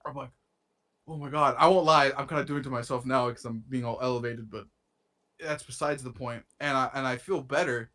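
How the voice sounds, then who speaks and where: A man's voice: mid-range voice, fairly even intonation, fairly quick, sharp tone. A young man co-hosting a podcast, telling a rambling story in casual chat with lots of swearing and slang, his nose a bit stuffy. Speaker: podcast co-host.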